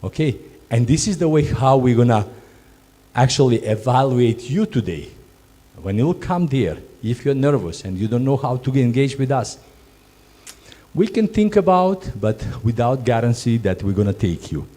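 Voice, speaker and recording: A man's voice: medium pitch, expressive, moderate pace, dark tone. A man training job candidates in hospitality, speaking non-native English in an emphatic way and often repeating and restarting his words. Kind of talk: instructive talk to job candidates.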